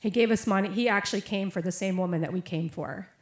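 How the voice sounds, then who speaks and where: A woman's voice: medium pitch, fast. Young adult woman, chatty preacher with storytelling style; echoey hall. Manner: casual storytelling with many fillers and quoted voices. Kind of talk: sermon with personal story. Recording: echoey room.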